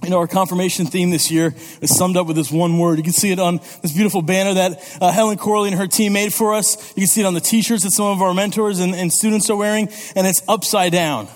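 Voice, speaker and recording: A man preaching a sermon as youth pastor, lively and conversational, often checking in with "okay?" and "all right?". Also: sits high, fast, hardly any pauses. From Italy. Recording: long reverb of a church hall.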